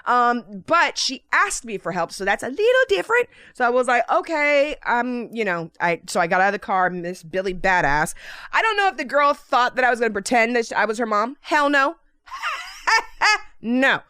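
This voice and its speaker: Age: adult. Sex: woman. Style: lively storytelling vlog. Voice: high, bright, dry. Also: normal speed, clean tone, no room sound. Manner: animated, profane, laughing often. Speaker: lifestyle vlogger. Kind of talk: casual storytelling monologue.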